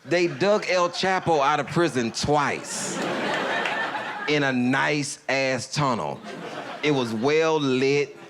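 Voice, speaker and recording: A man's voice: medium pitch, slow, crowd noise, noisy background. A male stand-up comedian telling a bit that builds to a punchline.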